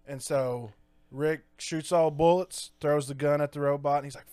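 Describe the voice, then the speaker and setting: A man's voice: on the high side, a little fast, a little mellow, clean tone, no room sound. A man co-hosting a podcast, recapping a movie in casual chat, crude and joking, acting out scenes with sound effects. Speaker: podcast co-host.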